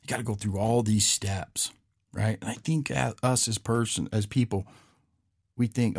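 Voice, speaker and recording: In casual storytelling on his podcast, the host plays out both characters of a parable, folksy and repeating "he goes." His gravelly voice sits on the low side with a breathy edge, a steady tone, and a moderate pace, recorded cleanly in a studio without echo.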